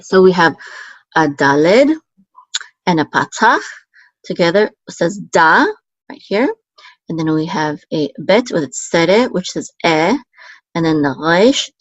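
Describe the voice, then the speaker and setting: A woman teaching a Biblical Hebrew reading lesson, patiently explaining letters and vowels one by one with frequent pauses and fillers. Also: lowish voice, no echo, highs cut off.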